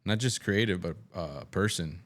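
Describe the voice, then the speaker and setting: A man talking as a podcast guest in casual chat, reflective and thinking out loud. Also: deep voice, moderate pace.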